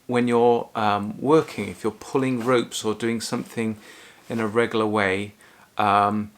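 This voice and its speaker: A man's voice: on the low side, little pitch movement, a little slow. A male music teacher giving a friendly, casual lesson, explaining as he goes with frequent ums and small restarts.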